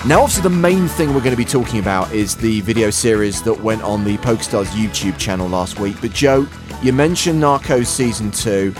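A man's voice: lowish voice, a little fast, over music. A man hosting a podcast in casual chat, making dry, wry remarks. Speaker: podcast host.

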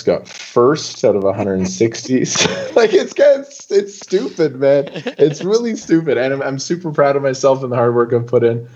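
A young man talking as a guest on an interview show, loose and animated, full of casual fillers. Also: medium pitch, highs cut off, slight background noise. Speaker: poker player guest.

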